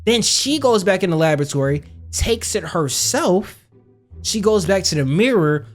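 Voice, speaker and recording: A man doing comic let's-play commentary, excitable and full of slang, with a very animated voice that leaps around as he jokes. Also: high-pitched, moderate pace, faint music behind. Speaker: gamer reacting to a puzzle game.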